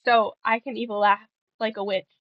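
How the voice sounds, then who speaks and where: A woman's voice: mid-range voice, level tone, normal speed, no room sound, highs cut off. A young woman streaming and chatting casually with viewers, playful and giggly, rambling between stories.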